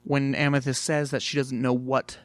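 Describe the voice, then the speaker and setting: A man's voice: mid-range voice, little pitch movement, moderate pace, dry recording. A man casually reviewing a cartoon episode, rambling with lots of fillers.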